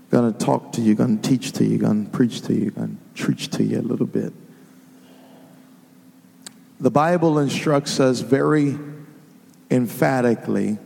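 A man preaching a sermon to a congregation, building from plain talk into sung, shouted climaxes. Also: mid-range voice, vocal fry. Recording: music behind the voice.

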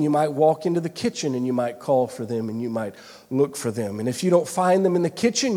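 A man's voice: a little high, mellow. A man preaching a sermon, telling a personal story earnestly, with frequent restarts and repeated phrases. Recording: long hall reverb.

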